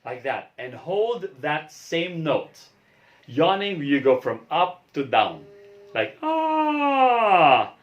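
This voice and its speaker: A man's voice: fairly high pitch, sing-song, takes it slowly, highs cut off. A man who is a pastor, teaching a singing lesson and patiently explaining each step while demonstrating sounds.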